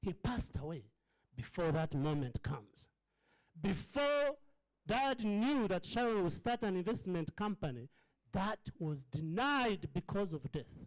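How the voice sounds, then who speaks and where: A man's voice: high voice, big pitch swings, measured pace, poor audio. A middle-aged man, giving an impassioned fundraising speech as the founder of a charity, speaking like a preacher at a hotel breakfast event. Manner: preacher-like, building to fervent emphasis and repetition.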